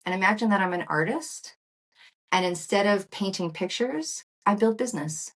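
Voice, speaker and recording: A woman's voice: mid-range voice, normal speed. A woman in her fifties, a guest entrepreneur in an interview, telling stories animatedly and acting out quoted lines. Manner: animated storytelling, acts out quoted dialogue. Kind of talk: interview conversation.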